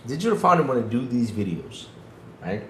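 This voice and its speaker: In a sing-song, fairly bright mid-range voice, this podcast co-host talks fairly quickly. His casual gaming commentary turns into an emphatic rant full of repeated points, captured in an echoey room with faint noise.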